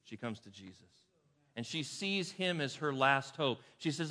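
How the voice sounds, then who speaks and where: Emphatic pastor with a bright voice. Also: male voice, medium pitch, lively intonation, normal speed. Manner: emphatic, swings from loud to hushed. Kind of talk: sermon. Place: church sanctuary. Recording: reverberant hall sound.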